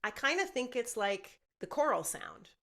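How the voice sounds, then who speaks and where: A woman's voice: fairly high pitch, sing-song, normal speed, fairly bright tone. A woman voice teacher leading a group singing lesson, explaining technique and often checking in with "okay?". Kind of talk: singing lesson with sung demonstrations.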